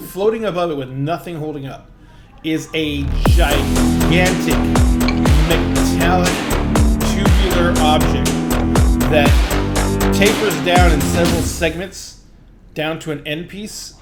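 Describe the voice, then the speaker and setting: A man narrating as game master of a tabletop game, halting with fillers and self-corrections. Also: a little high.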